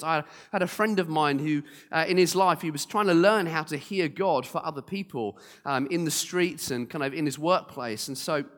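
A man preaching a sermon, with humorous, animated storytelling. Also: sits high. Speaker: pastor. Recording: long hall reverb.

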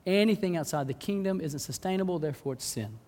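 A male pastor preaching a sermon, dramatic, acting out pleading voices and swinging between hushed and loud delivery. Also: a little high, lively intonation, fast. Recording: long hall reverb.

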